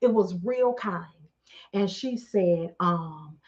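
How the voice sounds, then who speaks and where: Middle-aged woman running her livestream, bright voice, chatty and animated, keeps asking viewers questions, dull lo-fi sound. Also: medium pitch, slow. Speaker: livestream host. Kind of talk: casual storytelling on a livestream. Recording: dull lo-fi stream audio.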